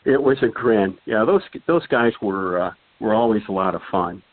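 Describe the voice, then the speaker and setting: An older man tells his stories in a loose, rambling way, stopping to restart and adding "uh" and "anyway." His voice sits a little low. The sound is dry and narrow, like it comes over a phone line. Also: animated, normal speed, no echo. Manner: rambling, many fillers and restarts. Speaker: guest storyteller. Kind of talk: casual anecdote telling.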